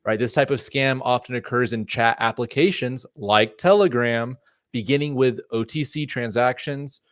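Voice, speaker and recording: A man's voice: mid-range voice, steady tone, moderate pace, no echo, clean studio sound. A man co-hosting a podcast, giving passionate, rambling warnings with lots of fillers. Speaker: podcast co-host. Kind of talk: casual podcast chat.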